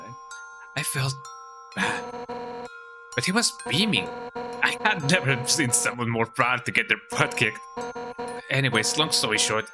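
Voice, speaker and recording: A man's voice: medium pitch, close to an everyday voice. A man reading the lines of a brash, hot-headed female fish warrior captain aloud, raising his voice to play her boastful manner. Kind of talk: reading game dialogue aloud.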